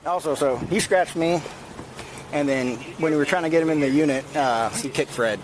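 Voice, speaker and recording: A male police officer with a slightly raised pitch barks curt, commanding orders during an arrest. His body camera picks him up outdoors with clear street noise behind. He speaks in short, firm bursts. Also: moderate pace, low-quality recording. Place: outdoors at a traffic stop. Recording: bodycam audio with street noise.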